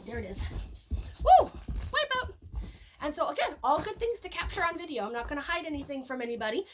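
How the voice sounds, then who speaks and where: High-voiced woman dog trainer. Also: slight background noise. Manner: chatty, explains while praising the dog in a high sing-song voice. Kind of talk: casual training demonstration.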